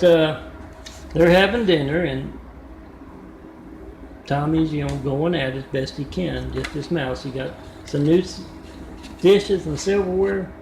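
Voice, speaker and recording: A vlogger with a slightly high, creaky, somewhat mellow voice tells a meandering story to his phone's front camera. His casual talk is full of wry asides and fillers, recorded in an echoey room with background noise.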